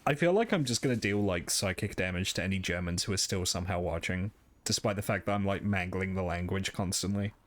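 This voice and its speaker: A man's voice: low voice, brisk. A man streaming a video game, chatting casually and making fun of himself. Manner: chatty, self-deprecating, rambling. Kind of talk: casual let's-play commentary.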